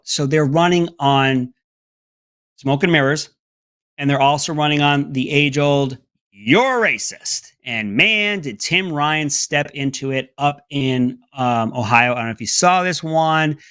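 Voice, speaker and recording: A man's voice: fairly bright tone, no room sound, clean studio sound. A man hosting an opinionated political commentary segment, talking in a mocking, sarcastic way. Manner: mocking, breaks into high mimicking voices.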